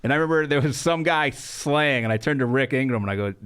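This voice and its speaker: A man's voice: medium pitch, clear, resonant tone. A man co-hosting a podcast, chatting casually and acting out the people he quotes. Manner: rapid, lively, acts out quotes. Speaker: podcast co-host. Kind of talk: casual chat.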